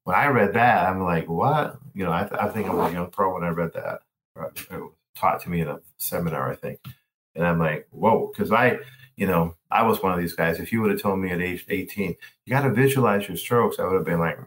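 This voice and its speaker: Very deep-voiced storytelling tennis coach man. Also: fast talker, slight background noise, poor audio. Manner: animated storyteller, acts out his own reactions. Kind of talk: interview answer.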